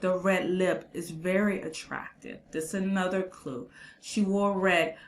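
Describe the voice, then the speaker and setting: A woman's voice: fairly low pitch, steady tone, a little slow, slight background noise. A woman hosting a casual reaction commentary, chatty and emphatic with slangy asides. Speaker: host reacting to a clip.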